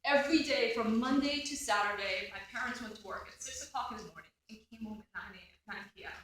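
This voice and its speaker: A woman's voice: a little high, quick pace, fairly bright tone, a little hiss or hum. Earnest woman in her 40s giving a hearing statement, sounds far off in a big echoey room. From South Korea. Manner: earnest, laughs at own stories. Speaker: judicial nominee. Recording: echoey room, picked up from afar.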